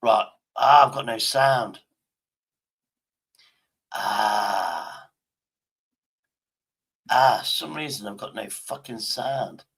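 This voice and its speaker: A man's voice: mid-range voice, extremely slow, gravelly, pauses often, a bit bright, husky. A man livestreaming in casual chat, rambling to himself and swearing constantly.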